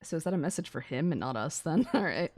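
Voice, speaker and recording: Young woman, game streamer, reads a visual novel aloud, excitable, curses a lot, swooping animated pitch. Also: fast. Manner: excitable, swearing, gasping and laughing.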